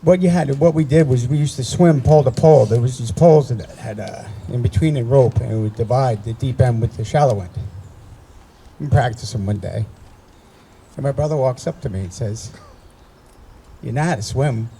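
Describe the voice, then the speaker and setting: A man in his sixties from New Jersey speaks at an outdoor memorial ceremony. His voice is gravelly and mellow. He tells family stories casually and often restarts his sentences. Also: mid-range voice, a little fast, slight background noise, poor audio. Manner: anecdotal, conversational, with frequent restarts. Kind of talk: personal storytelling speech.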